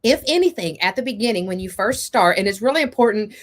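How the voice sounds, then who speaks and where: A woman's voice: mid-range voice, animated, fast. A woman hosting a monologue contest over a video call, giving rambling, effusive feedback full of "you know" fillers. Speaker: host and judge of a monologue contest.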